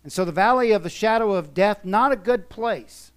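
A man preaching a sermon in a church, emphatic, swinging from soft to loud. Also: high-pitched, moderate pace, smooth. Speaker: pastor.

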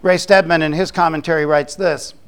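Clear-voiced man preaching a sermon. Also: on the high side, steady tone, a bit bright. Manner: conversational preaching with quick asides and restarts. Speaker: pastor.

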